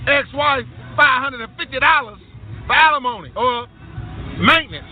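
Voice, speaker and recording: A man loudly celebrating and whooping in a rant he recorded in his car. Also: extremely high pitch, expressive, normal speed, some chatter behind. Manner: boisterous, whooping and exclaiming. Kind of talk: self-filmed celebration rant. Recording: tinny phone-like audio.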